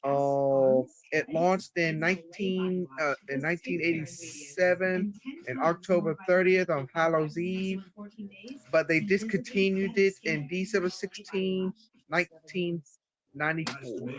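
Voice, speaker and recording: Slow, halting streamer reading aloud. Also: mid-range voice, poor audio. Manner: halting, stumbles over numbers.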